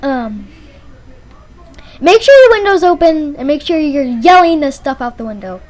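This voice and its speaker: A woman giving absurd mock driving advice in a rambling, halting way, full of fillers and deadpan jokes, in a car showroom. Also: high voice. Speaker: vlogger. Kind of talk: joking mock tutorial.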